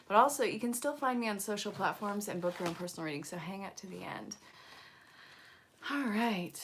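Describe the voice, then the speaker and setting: A woman's voice: medium pitch, fairly bright tone. A middle-aged woman hosting a live angel card reading, chatting with viewers and laughing often between messages. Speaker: angel card reader and host.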